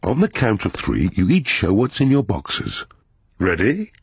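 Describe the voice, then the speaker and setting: A man voicing a calm, easygoing father pig in a children's cartoon, talking in an unhurried, reassuring way. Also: fairly low pitch, husky, no room sound, heavily acted. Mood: playful.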